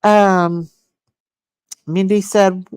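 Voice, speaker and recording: A woman hosting a casual livestream. She reads viewer comments aloud, greets people by name and gushes with excitement. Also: mid-range voice, drawn-out words, clear, resonant tone, no echo. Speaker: livestream host. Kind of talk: casual live chat reading viewer comments.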